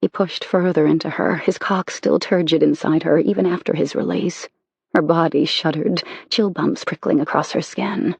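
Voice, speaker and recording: An audiobook narrator reading a romance novel in an intimate, measured way. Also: medium pitch, steady tone, gravelly, slightly rough, no room sound.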